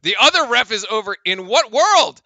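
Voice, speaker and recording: Young male fan-streamer, high-ish bright voice, exasperated play-by-play, dry close mic. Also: big pitch swings, normal speed, no echo. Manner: exasperated, incredulous, laughing at calls, rambling restarts. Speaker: streamer doing live play-by-play. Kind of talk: live fan commentary.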